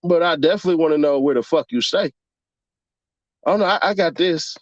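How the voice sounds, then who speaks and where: A man's voice: on the high side, brisk, no room sound, dull audio. A man in a casual, profane commentary rant, mocking his audience with rhetorical questions. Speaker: commentary vlogger.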